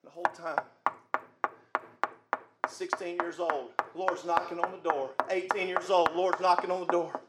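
A man preaching a sermon with fervour, rising to shouts at his peaks and chuckling between points. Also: high voice, fairly even intonation, normal speed, hardly any pauses, roomy sound, heavy background noise.

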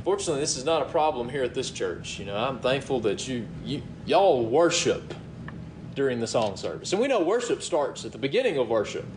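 A middle-aged man preaching a sermon as pastor, talking in a relaxed, conversational way, often chuckling and asking "you know what?". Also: mid-range voice, fairly quick, roomy sound, background noise.

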